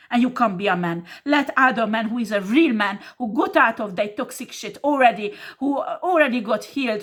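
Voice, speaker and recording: A tarot reader, a woman with a fairly high and slightly bright voice, launches into a blunt, scolding monologue laced with swearing. Her English shows non-native phrasing.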